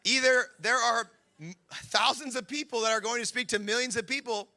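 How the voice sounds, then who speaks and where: A man's voice: extremely high pitch, normal speed. A man in his thirties, a pastor giving a sermon, telling stories and acting out the people in them. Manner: storytelling, animated, acts out quotes.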